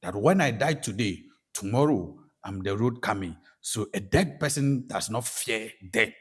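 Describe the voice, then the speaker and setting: Telling his testimony with animation, this Ghanaian English-accented spiritual practitioner voices the words of others as he goes. His voice is lowish and slightly rough, and his pace is measured.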